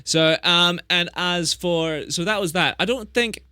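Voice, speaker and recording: A man's voice: high-pitched, a little slow, sharp tone, clear, resonant tone, no echo, studio quality. A young man chatting casually on a live stream, rambling and correcting himself as he tells animal stories. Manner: rambling, chatty, self-correcting, plays up tall tales.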